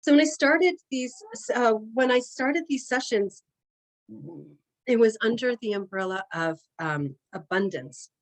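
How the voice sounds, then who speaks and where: A woman speaking from home, leading a live energy healing session in an informal, hesitant way with frequent fillers and pauses. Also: a little high. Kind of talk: guided healing session talk.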